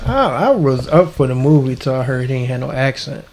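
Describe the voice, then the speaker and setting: A man's voice: medium pitch, lively intonation, fairly quick, a little mellow, slight background noise. A man co-hosting a podcast, joking bluntly and laughing a lot in casual chat. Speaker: podcast co-host.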